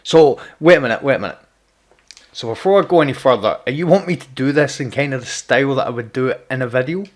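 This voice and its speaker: A fast-talking man with a mid-range voice streams a game and chats casually. Along the way he teases viewers, tripping over repeated words.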